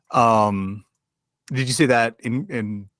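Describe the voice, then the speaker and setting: A man narrating a tabletop game as game master, halting with many fillers. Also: mid-range voice, steady tone, a bit bright, dry recording, studio quality.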